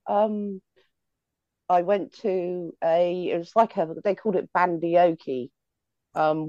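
A woman's voice: fairly low pitch, no echo, dull audio. A woman being interviewed as a guest singer, telling stories casually with many ums and self-mocking laughs. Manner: chatty, hesitant, lots of ums, laughs at herself.

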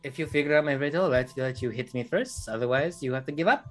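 A man's voice: medium pitch, soft background music, natural voice. A man putting on a sneering man-eating villain with an Eastern European accent. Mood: menacing taunting. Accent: put-on Eastern European accent. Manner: slow, drawn-out, menacing taunting. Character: sinister male creature that eats people, mocking. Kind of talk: game master voicing a villain.

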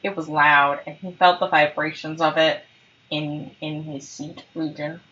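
A woman with a bright, forceful voice tells a story casually to her co-host, laughing as she goes. She sounds slightly dull and lo-fi, recorded at home on a couch. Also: low-pitched, steady tone, measured pace. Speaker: podcast co-host. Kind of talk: casual chat recapping a show.

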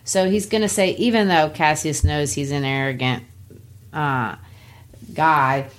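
A woman's voice: deep voice, fairly even intonation, measured pace. A woman teaching a literature lesson in a casual way, explaining scenes and paraphrasing lines in plain words.

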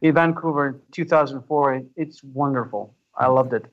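A man's voice: medium pitch, normal speed, lo-fi sound. A man from Greece, a native Greek speaker, talking in English as a musician guest in a friendly, easygoing interview chat.

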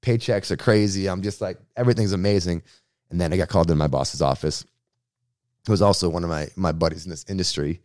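Fast-talking low-voiced man from Boston. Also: no room sound, clean studio sound. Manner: slangy, lively anecdotal telling. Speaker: radio host. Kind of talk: casual storytelling in an interview.

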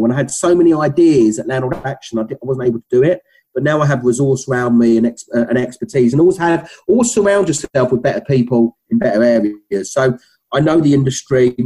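A middle-aged man with a Cockney accent talks in a loose, rambling way, full of fillers and restarts. His voice is husky and slightly breathy. He speaks as a guest in a casual business interview. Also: medium pitch, darkish tone, low-quality recording.

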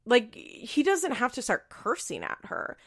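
A woman's voice: on the high side, big pitch swings, unhurried, fairly bright tone. A woman giving casual, opinionated commentary as she recaps a reality TV show, with a chatty manner full of "like" and the odd swear word. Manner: chatty and opinionated, heavy use of "like", occasional swearing.

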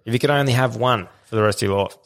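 A man's voice: medium pitch, rapid-fire, creaky, a bit bright. A man with an Australian accent hosting a casual podcast, swearing and calling his guests mate and bro. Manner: blokey, swears, calls people bro and mate. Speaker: podcast host.

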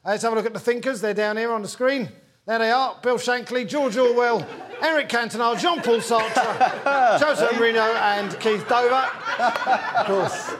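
High-voiced jokey male quizmaster. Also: normal speed. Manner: jokey, addresses the audience. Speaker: host and quizmaster. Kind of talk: comedy panel quiz hosting. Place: stage before a live audience. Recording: live audience laughter behind.

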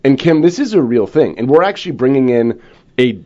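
A man's voice: medium pitch, big pitch swings, brisk, dark tone, highs cut off. A middle-aged man co-hosting a casual chat, teasing his partner and laughing often. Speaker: podcast co-host.

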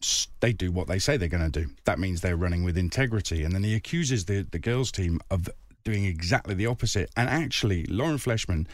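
A man on a radio book panel, speaking in a measured, thoughtful way with some hesitation. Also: low-pitched, animated, dry recording.

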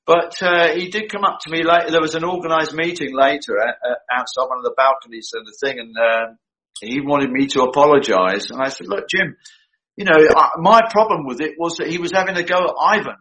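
A man in the middle of a long story, his voice somewhat high and very bright. He acts out the dialogue of the people in it, and the telling stays lively. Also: a little fast, poor audio. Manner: animated, acts out quoted dialogue. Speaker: guest recalling a film shoot. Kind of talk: anecdotal storytelling.

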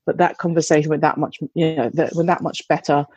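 A woman's voice: low voice, level tone, quick pace, a little mellow, breathy edge, dry recording, rough recording. A woman, a mother, telling a candid, chatty anecdote with some swearing and restarts. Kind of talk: casual anecdote.

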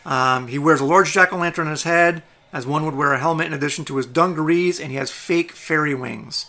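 A man narrating a tabletop game as game master, describing the scene in a relaxed way. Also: on the high side, fairly quick.

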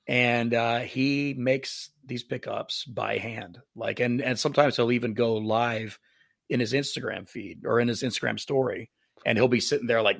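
A man's voice: medium pitch, gravelly, fairly bright tone, dry recording, studio quality. A man who is a guest musician on a podcast, chatting casually in an enthusiastic, easygoing way.

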